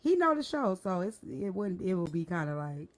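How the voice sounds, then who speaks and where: Woman host, casual and profane, nervous laughs, very lively pitch. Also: moderate pace. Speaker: podcast host. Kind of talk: casual chat.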